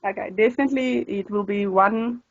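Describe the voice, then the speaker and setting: A woman's voice: medium pitch, no room sound. Chatty South African woman, Afrikaans native. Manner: chatty, laughs often, quick asides. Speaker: language tutor. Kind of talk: casual interview chat. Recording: dull lo-fi dry sound.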